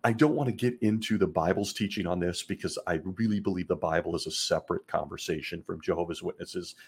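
A man's voice: deep voice, fast, husky. A middle-aged man hosting a podcast, giving sarcastic commentary and laughing often. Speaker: podcast host.

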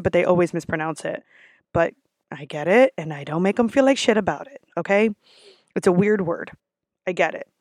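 A woman's voice: medium pitch, no echo, clean studio sound. A woman who works as a restaurant server, ranting in a casual vlog, blunt and sassy with lots of swearing.

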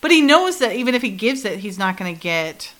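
A woman in casual conversation recaps a TV episode with lively energy. She quotes the characters as she goes and laughs along. Her pitch sits in a middle range. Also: brisk. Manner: animated retelling, quoting characters with laughs. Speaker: podcast co-host.

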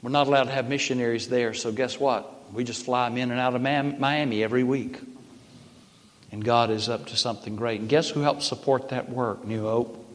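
An older man with a Southern American accent preaches to a congregation, his voice mid-pitched and easygoing. He slips in playful jokes and rises to emphatic bursts. Long reverb from a large church hall trails each phrase. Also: steady tone, brisk, a little hiss or hum. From Southern United States. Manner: folksy, joking, builds to emphatic bursts. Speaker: visiting Baptist preacher. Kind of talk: sermon with humorous asides.

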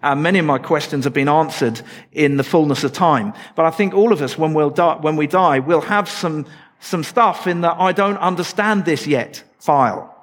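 A man's voice: a little high, moderate pace. A man preaching a sermon in a church, explaining scripture in a conversational way with light asides to the congregation.

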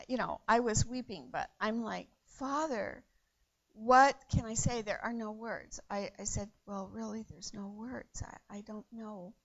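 Earnest woman preaching, slow and lo-fi. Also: on the high side, gravelly. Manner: earnest, repeats phrases, swings from hushed to loud. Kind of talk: sermon.

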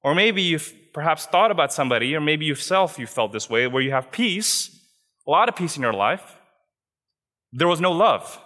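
A man's voice: a little high, lively intonation, normal speed, pushed and bright. A young adult man preaching a sermon in an earnest, conversational way, often checking in with his listeners with "right?" asides. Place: church hall. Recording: long hall reverb.

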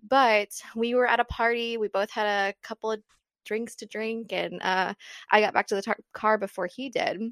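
A woman's voice: mid-range voice, a bit bright, smooth, no room sound, clean studio sound. A young woman co-hosting a podcast, telling a personal story candidly, with plenty of swearing. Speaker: podcast co-host. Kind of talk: casual chat.

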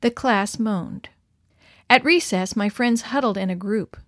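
A woman reading a children's story aloud, bringing the dialogue to life with lively, expressive delivery. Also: medium pitch, unhurried, no echo, studio quality. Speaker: narrator. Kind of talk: scripted children's story narration.

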